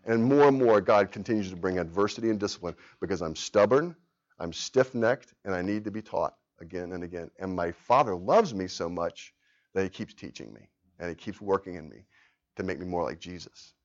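A man's voice: sits low, brisk, muffled recording. A man in his thirties teaching an adult Sunday school class, earnest and conversational, tired from a sleepless night. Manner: earnest, conversational, animated when telling stories.

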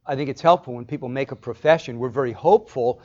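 A man's voice: mid-range voice, fast, warm tone, lo-fi sound. A male pastor delivering an expository sermon, explaining step by step and putting rhetorical questions to the congregation.

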